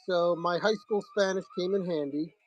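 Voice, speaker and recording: A man's voice: high-pitched, normal speed, faint music behind, low-quality recording. A man hosting a live comic sale, telling a rambling, profane story in a casual way.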